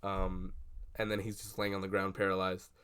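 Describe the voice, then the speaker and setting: A young man chatting casually at his desk about a film he just saw, rambling and swearing with lots of fillers and excited bursts. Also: low voice, normal speed, clear, resonant tone. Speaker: vlogger. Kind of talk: casual movie reaction chat. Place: at a desk indoors. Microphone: computer webcam.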